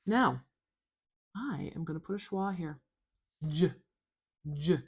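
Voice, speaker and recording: A woman teaching phonetics in a slow, soft tutorial, patiently repeating each sound. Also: medium pitch, expressive, slightly rough.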